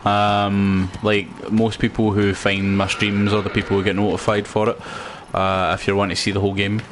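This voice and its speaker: A man's voice: fairly low pitch, flat delivery, normal speed, noisy background. A Scottish man chatting loosely while streaming a video game, rambling with lots of fillers. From Scotland. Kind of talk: casual gameplay commentary.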